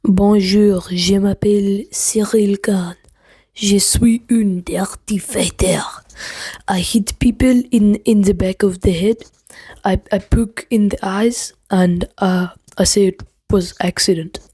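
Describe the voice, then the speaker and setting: A woman putting on a mock French accent to voice a male fighter owning up to his fouls, in a whispery, breathy voice. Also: medium pitch, fairly even intonation, slow pace, warm tone, no room sound, studio quality. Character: man with a fake French accent confessing fouls.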